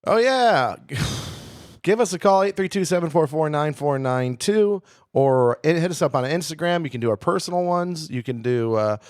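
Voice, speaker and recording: A man's voice: fairly high pitch, expressive, normal speed, no room sound, studio quality. A man co-hosting a comedy podcast, chatting casually with crude jokes and rambling asides. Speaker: podcast co-host.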